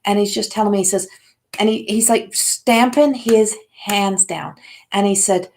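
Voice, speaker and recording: A woman's voice: medium pitch, fairly even intonation, a little slow, a little mellow, slight background noise. Rambling older woman giving spiritual readings. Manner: rambling, filler-heavy, addresses viewers by name. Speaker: intuitive card reader.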